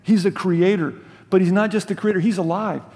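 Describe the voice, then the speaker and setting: An older man preaching a sermon in a conversational way, asking his listeners questions and dropping from loud emphasis to soft, low asides. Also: brisk, in a large hall. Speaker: pastor.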